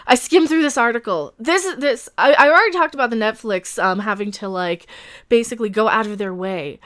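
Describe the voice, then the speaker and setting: A young woman YouTube commentator ranting sarcastically to camera, loud and full of swearing and laughter. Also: on the high side, brisk.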